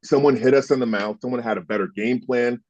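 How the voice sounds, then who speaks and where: In an interview, a man in his fifties from the United States who once played football tells heated, emphatic stories and swears here and there. He talks fast at medium pitch with a somewhat mellow tone. There's no room sound, and the recording is dry and slightly dull.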